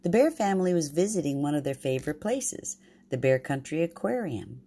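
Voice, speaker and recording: An older woman, a grandmother, reading a storybook aloud to her grandchildren in an affectionate, expressive way. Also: low-pitched, fairly quick, breathy edge.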